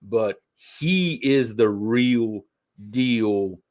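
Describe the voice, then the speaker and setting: A middle-aged man with a softened Cajun accent from south Louisiana. He co-hosts a laid-back chat, spinning stories with lively asides at an ordinary pitch. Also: extremely slow. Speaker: co-host. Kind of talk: casual chat.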